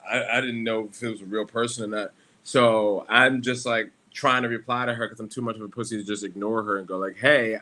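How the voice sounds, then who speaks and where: A man's voice: medium pitch, sharp tone. A young man hosting a casual solo livestream, rambling and joking at his own expense, swearing freely and laughing often. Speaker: livestream host.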